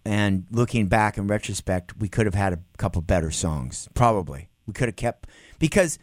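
Animated middle-aged male storyteller. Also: lowish voice, moderate pace, no room sound, clean studio sound. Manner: animated, acts out quotes with laughs. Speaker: musician guest. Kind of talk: casual interview storytelling.

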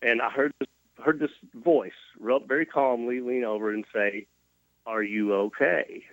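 Speaking at a normal pace in a mid-range voice, a guest from Mississippi recounts surviving a cardiac arrest, poking fun at himself in a folksy way. The audio is narrow and tinny, with no room sound.

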